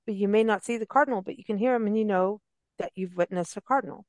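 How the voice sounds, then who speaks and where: A woman's voice: medium pitch, fast talker, a little mellow, no echo. Chatty enthusiastic woman host, dry sound. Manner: enthusiastic, rambling, chatty with laughs. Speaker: radio show host. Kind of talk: casual interview chat. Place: travel and parks radio show.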